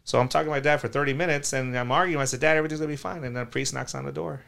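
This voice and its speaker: A man from South Florida, a collectibles store owner, telling a story as a podcast guest with lively acted-out quotes. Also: mid-range voice, rapid-fire, vocal fry. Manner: animated, acts out quoted voices loudly.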